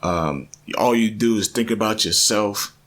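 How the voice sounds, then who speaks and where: A man voicing a stern creator being that scolds him, slow and weighty. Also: on the low side, fairly bright tone. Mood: accusing.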